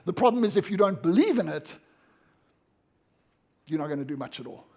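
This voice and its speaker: Energetic South African man with a high voice. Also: brisk. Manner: energetic, emphatic, direct to audience. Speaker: motivational speaker. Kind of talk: live seminar talk. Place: event room with audience.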